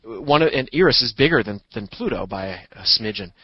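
A man with a lowish, husky voice, animated and a little fast, appears as an astronomer guest on a podcast. He explains things in a relaxed, pun-loving way over a dry, dull lo-fi recording.

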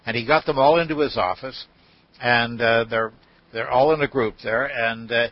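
An older man with a husky voice, telling an anecdote as a podcast guest and acting out the quoted speech. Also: medium pitch, fairly even intonation, normal speed, dry recording. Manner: storyteller, acts out quoted speech. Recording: dull dry audio.

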